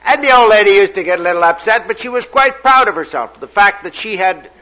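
A man's voice: high voice, expressive, fast, bright, forceful tone, lo-fi sound. A man from Canada, speaking at a recovery meeting in a folksy, self-deprecating storytelling way.

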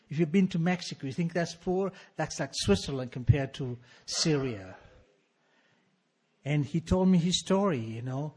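A man in his sixties telling a personal recovery story to an audience in an animated, wry, emphatic way. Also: fairly high pitch, husky. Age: 60s. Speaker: speaker sharing a recovery story.

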